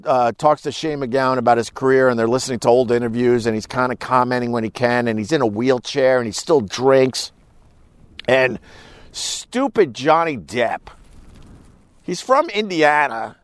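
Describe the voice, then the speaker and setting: A middle-aged man rambles through a casual live-stream monologue as a podcast host, wry and freely profane. His voice sits a touch high for a man. The sound is dry and close, with little room around it. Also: clear, resonant tone, no room sound.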